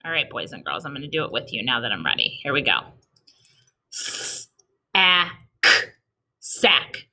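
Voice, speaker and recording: A woman with a rumbling low voice, a sing-song delivery, and a sharp tone gives young children an early-reading lesson on video. She sounds out each letter slowly and patiently, praising them along the way.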